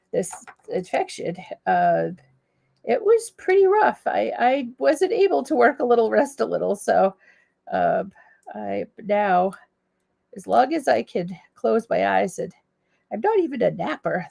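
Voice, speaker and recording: Chatty woman with a cold, gravelly. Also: mid-range voice, dark tone. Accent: Canadian. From Canada. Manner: rambling, friendly, lots of ums and asides. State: has a cold and cough. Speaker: crafting livestream host. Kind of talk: chatty live crafting demo.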